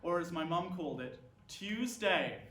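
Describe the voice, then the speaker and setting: A man doing a stand-up comedy monologue, full of sardonic, dark deadpan humor. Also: high-pitched, moderate pace. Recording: roomy sound from a distant mic with faint ambience.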